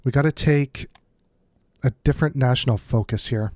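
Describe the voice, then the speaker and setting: Nose blocked, this let's play host talks casually through a strategy game at normal speed, muttering asides and reasoning aloud. The average-pitched, slightly mellow voice is captured close and dry, with no room around it.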